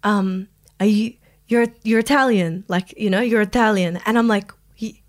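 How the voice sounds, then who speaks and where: A young woman co-hosting a podcast, telling an animated story with acted-out voices and frequent laughter. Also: mid-range voice, moderate pace. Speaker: podcast co-host. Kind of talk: casual chat.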